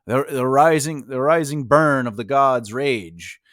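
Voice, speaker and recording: Speaking unhurriedly in a medium-pitched, fairly bright voice, this New Yorker from Long Island and Brooklyn has a New York accent. He hosts a relaxed writing lesson as a writing coach, rambling conversationally and leaning on fillers, recorded in studio quality with no echo.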